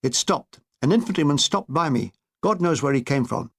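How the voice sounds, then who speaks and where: A man reading his own war memoir aloud, in a dry and wry storytelling manner. His voice sits fairly high for a man. He tells the grim parts and the comic parts in the same even, matter-of-fact way. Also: moderate pace, gravelly. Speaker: author narrating his memoir. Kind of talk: audiobook narration.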